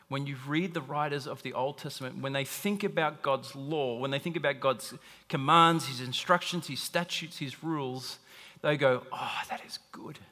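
A man preaching a sermon, animated and acting out little voices when he quotes people. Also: medium pitch, moderate pace. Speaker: pastor. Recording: long hall reverb.

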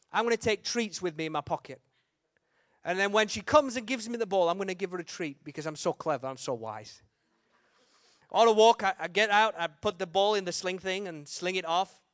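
Telling a comic sermon story, a young preacher acts out his own thoughts and sometimes shouts loudly, with humorous, animated quoting. He mocks himself playfully in quick bursts of energy, his voice fairly high for a man. The sound is dry and close, with no room echo.

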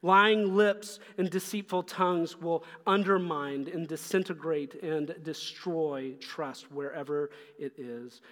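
A man's voice: on the high side, slow pace, few pauses, fairly bright tone. A man preaching a sermon as pastor, earnest and pressing his listeners with repeated questions. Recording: long hall reverb.

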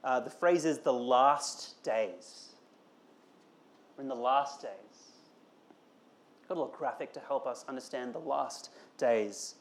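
A man's voice: medium pitch, measured pace, pauses often. A man preaching a conversational sermon, asking rhetorical questions and building to emphatic calls. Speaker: pastor.

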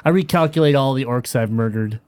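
A man's voice: mid-range voice, fairly quick, darkish tone, clean tone, dry recording. A man playing a tabletop game, describing his character's actions in a wry way. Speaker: player. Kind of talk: casual tabletop play.

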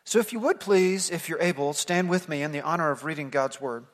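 A man from the United States preaching a sermon to his church, telling a story earnestly and rising to emphatic points before dropping soft. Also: a little high, fairly quick, in a large hall. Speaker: pastor. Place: church sanctuary.

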